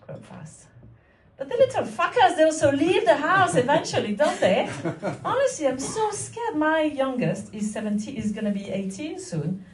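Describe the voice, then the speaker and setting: A woman's voice: high voice, big pitch swings, moderate pace, hardly any pauses. Wry woman doing stand-up. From France. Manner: wry, mock-innocent, rhetorical asides. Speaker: stand-up comedian. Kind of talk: stand-up comedy set. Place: comedy club stage. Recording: echoey room, mic at a distance. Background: audience laughter.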